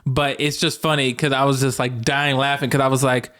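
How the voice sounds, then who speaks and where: A young man co-hosting a podcast, telling stories in a relaxed, animated way and swearing casually. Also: mid-range voice, brisk, smooth. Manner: animated storyteller, swears freely. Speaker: podcast co-host. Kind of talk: casual chat.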